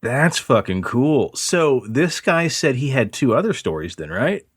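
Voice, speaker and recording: A man's voice: medium pitch, very animated, a little slow, breathy edge, no echo, clean studio sound. A man co-hosting a podcast, chatting casually and reacting to a story with blunt asides. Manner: reacts with laughs and cursing asides. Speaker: podcast co-host. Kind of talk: casual chat.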